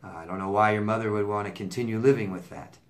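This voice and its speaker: A man's voice: lowish voice, steady tone, fast. A man working as a relationship coach, answering viewer letters in a casual advice monologue, blunt and repeating himself for emphasis with stammered restarts.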